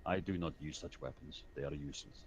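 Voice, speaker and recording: Man as deep, stiff-spoken bear warrior, formal commands, slightly muffled audio. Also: fairly quick, slight background noise. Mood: calm, commanding. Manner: stiff formal speech without contractions.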